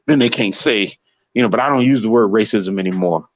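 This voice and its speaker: A man talking casually on a live stream, animated and heated, repeating himself as he makes his point. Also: lowish voice, a little fast, dry recording, dull audio. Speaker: guest on a live show.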